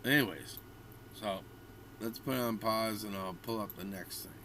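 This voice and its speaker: A man in his fifties delivers a rambling, blunt vlog rant with exasperation. His voice is bright and forceful. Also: on the low side, moderate pace, slight background noise. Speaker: vlogger. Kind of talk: ranting commentary.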